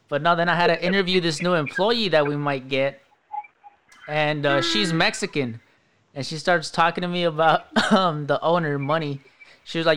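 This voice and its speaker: A man co-hosting a casual podcast with a slightly raised pitch, telling animated anecdotes broken up by laughter. Clear background noise runs under his voice. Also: moderate pace. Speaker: podcast co-host. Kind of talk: casual chat.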